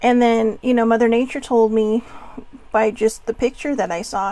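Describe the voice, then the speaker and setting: A woman's voice: on the high side, fairly even intonation, normal speed, warm tone, dry recording. A middle-aged woman hosting a casual self-care talk, chatty and encouraging, with self-mocking asides. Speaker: self-care show host.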